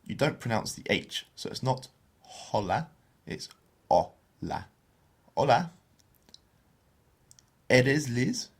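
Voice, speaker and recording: A man co-hosting a beginner Spanish podcast, explaining phrases and slowing down to model pronunciation. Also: mid-range voice, expressive, a bit bright, breathy edge. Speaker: podcast co-host teaching Spanish.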